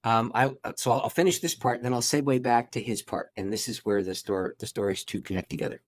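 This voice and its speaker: A man, a pastor, telling his life story in an interview, animated and acting out the people he quotes. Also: mid-range voice, fast talker.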